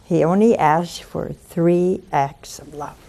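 A woman's voice: lowish voice, slow, creaky, mellow. A woman hosting a religious call-in show, preaching devotionally and coaxing listeners with intimate questions.

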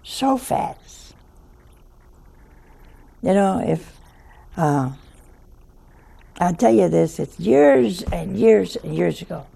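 An older woman telling a story in a slow, folksy way, chuckling as she goes. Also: fairly low pitch, expressive, vocal fry, dark tone, husky. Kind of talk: storytelling talk.

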